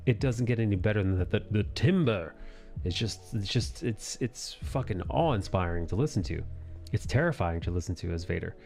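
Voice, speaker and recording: A man's voice: lowish voice, lively intonation, moderate pace, creaky, darkish tone, soft background music. A man hosting a drawing live stream, chatting casually in a rambling, profane way that keeps correcting itself. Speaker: live-stream host and comic artist.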